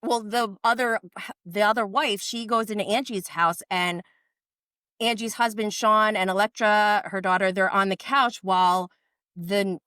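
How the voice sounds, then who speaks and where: A woman's voice: medium pitch, steady tone, moderate pace, bright, forceful tone, smooth, dry recording, studio quality. A woman guest on a podcast, chatting casually and retelling a reality TV episode with lots of "like". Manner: chatty storyteller, many likes. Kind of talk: casual chat recapping reality TV.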